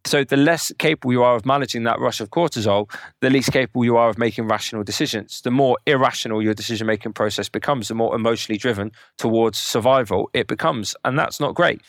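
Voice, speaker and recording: A man's voice: mid-range voice, no echo. A man as a podcast guest, explaining at length with examples in a conversational interview. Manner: rapid, explanatory, lecturing with examples.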